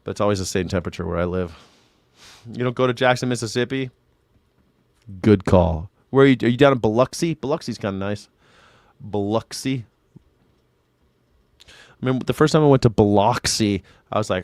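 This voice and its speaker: A man's voice: on the low side, brisk, long pauses, a little mellow, no room sound, clean studio sound. A male independent commentator chatting casually with his stream viewers, rambling, sarcastic and full of profanity. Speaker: independent news and culture commentator. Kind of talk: casual livestream chat reading viewer comments.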